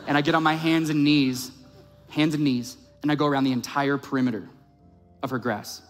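A man's voice: mid-range voice, steady tone, quick pace. A male pastor preaching a sermon, telling a personal story with repeated phrases and growing emphatic as he preaches. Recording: reverberant hall with music behind.

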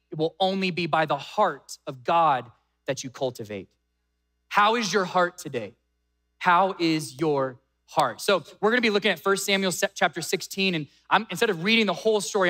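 A man preaching a sermon, retelling a scripture story with dramatic pauses and acted-out quotes. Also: sits high, sharp tone. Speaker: pastor.

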